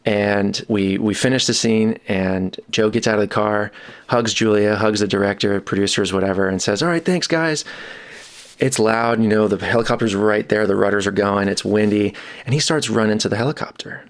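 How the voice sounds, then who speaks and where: A man with a somewhat low voice recounts an on-set story in a relaxed, conversational way. He tells it with animated energy, his pitch leaping up whenever he quotes someone. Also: normal speed. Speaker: boom operator and sound mixer guest. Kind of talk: casual storytelling anecdote.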